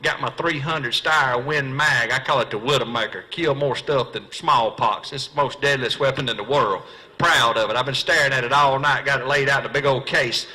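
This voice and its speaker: A man's voice: medium pitch, sharp tone, rough recording. A middle-aged man with a Southern US accent, telling self-mocking stories as a stand-up seminar speaker and acting out the dialogue. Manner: folksy, self-mocking, quick punchlines, acts out dialogue. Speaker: professional bass angler giving a comedy fishing seminar. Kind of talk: stand-up storytelling to a live audience. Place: seminar hall.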